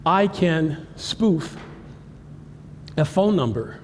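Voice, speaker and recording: At a conference hall, an animated cybersecurity speaker addresses a live audience, joking often and asking the crowd questions directly. His voice is a little high for a man and extremely slow, with long hall reverb over faint room ambience and a little hiss or hum.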